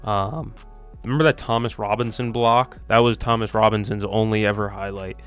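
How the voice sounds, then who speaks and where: Smooth low-voiced young man thinking aloud. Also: fairly even intonation, normal speed, a bit bright, faint music behind. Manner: chatty, self-mocking, thinks aloud with many ums. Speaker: quiz video host. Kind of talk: casual commentary while playing a quiz.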